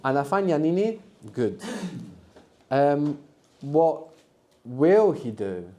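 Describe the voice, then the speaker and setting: Slow and sing-song, a fairly high-pitched man with a dark tone teaches a live language workshop. In a university lecture room, he patiently prompts the students with questions and answers.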